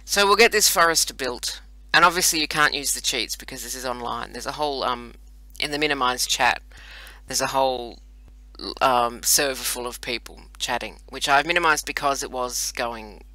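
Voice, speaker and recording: A woman's voice: extremely low pitch, pushed and bright, no room sound, rough recording. A woman hosting casual gameplay commentary, rambling and chatty with self-mocking asides, recorded on a computer microphone. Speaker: host playing a browser strategy game.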